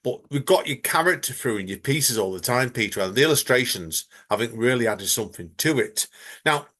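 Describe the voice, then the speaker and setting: A man's voice: medium pitch, expressive, fairly quick, bright, forceful tone. A man hosting a podcast interview, enthusiastic and effusive in his praise of his guest. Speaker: podcast host. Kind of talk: casual interview.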